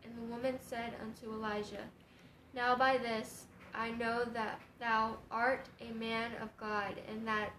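A woman reads scripture aloud in a flat, even, fairly high voice, steady and formal. The room is echoey, with faint ambience behind her. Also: a little slow, slight background noise. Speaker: scripture reader.

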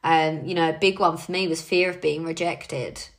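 A woman's voice: sits low, steady tone, moderate pace. A young woman leading her team in a casual motivational talk, chatty and encouraging, with frequent fillers. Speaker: team leader.

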